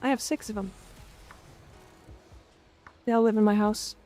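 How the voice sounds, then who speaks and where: A Canadian woman, young and playful, runs a casual live stream where she reads comments aloud, answers them, and growls "rawr" at her audience. Her medium-pitched voice is warm, with fairly even intonation and a measured pace.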